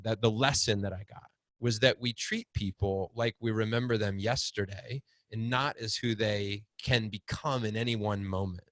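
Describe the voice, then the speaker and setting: A middle-aged man telling a story in casual conversation, acting out quotes with big swings in pitch. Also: normal speed, no room sound. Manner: animated, acts out quotes with big pitch jumps. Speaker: podcast guest, fatherhood group founder.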